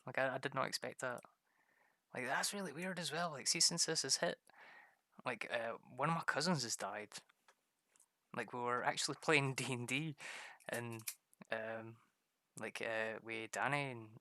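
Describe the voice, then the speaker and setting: A man's voice: mid-range voice, normal speed, long pauses, bright, forceful tone, no room sound. A man, chatting casually on a stream, laughing often and mimicking people. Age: 30s.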